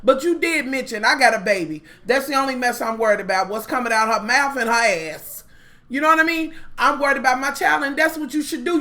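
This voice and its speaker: A woman's voice: high-pitched, sharp tone. A young woman vlogger giving a blunt, foul-mouthed, exasperated rant reviewing reality TV. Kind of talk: profane ranting commentary.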